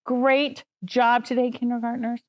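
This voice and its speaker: A woman's voice: a little high, level tone, measured pace. A woman kindergarten teacher wrapping up a lesson for young children in a cheerful, encouraging way. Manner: cheerful, sing-song, encouraging. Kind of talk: classroom wrap-up for young children.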